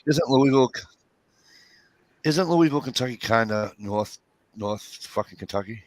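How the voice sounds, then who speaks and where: A man's voice: mid-range voice, lively intonation, normal speed, no room sound. A man from the northern United States, arguing a point in casual chat with emphatic, profane talk. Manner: emphatic, profane, talks over others.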